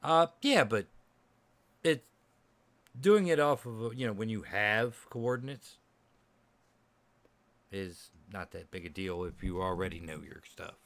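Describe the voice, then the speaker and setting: A man's voice: lowish voice, expressive, unhurried, long pauses, a bit bright, dry recording. A man narrating as game master of a tabletop game, loose and chatty, laughing often.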